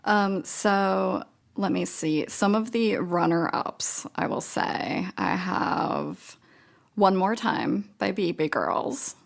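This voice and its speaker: Gravelly-voiced woman podcast co-host. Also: medium pitch, expressive. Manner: unhurried, hesitant, lots of ums. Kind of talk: casual chat.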